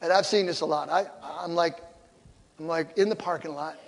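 An older man, a pastor with a notably high voice and some vocal fry, preaches at a normal speed, weaving humor into his teaching. He performs quoted lines for emphasis, his words echoing with long hall reverb.

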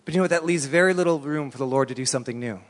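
Middle-aged male pastor, sermon, slightly high voice, chatty storytelling, long church hall reverb. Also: racing. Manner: storytelling, animated, conversational.

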